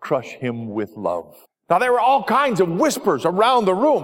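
A man, a pastor, telling a story in a sermon with earnest delivery and dramatic pauses. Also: high-pitched, sing-song. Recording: long hall reverb.

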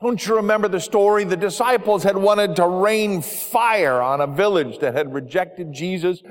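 A man voicing a kindly, forgiving grown farmer who talks in an earnest, gently pleading way, heard with a long hall reverb. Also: sits high, normal speed, close to an everyday voice.

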